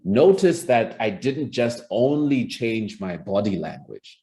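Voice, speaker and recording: In this recorded presentation lesson, a man coaching public speaking demonstrates by varying his tone and pace. His voice is on the low side, mellow and sing-song, and he takes his time.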